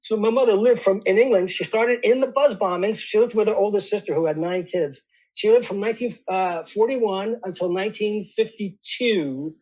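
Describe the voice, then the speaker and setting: A man in his sixties, a podcast guest, recounting family history in a halting way with many restarts. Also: high-pitched, a little mellow, poor audio. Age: 60s. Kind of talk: conversational interview.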